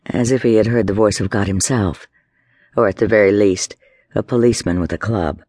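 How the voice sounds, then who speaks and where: A man giving a measured, dramatic scripted narration of a story. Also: fairly low pitch, a little mellow, no room sound. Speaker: audiobook narrator.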